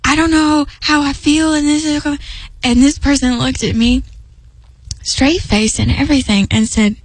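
Earnest woman with a high, dry voice. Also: fairly even intonation, unhurried, dry recording, poor audio. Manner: earnest, emphatic, rambling with restarts. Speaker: Christian speaker. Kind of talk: personal devotional talk.

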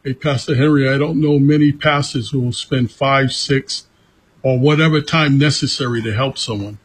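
A man receiving prayer from a pastor, answering in quiet, brief replies. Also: medium pitch, steady tone, normal speed, slightly rough. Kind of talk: casual chat.

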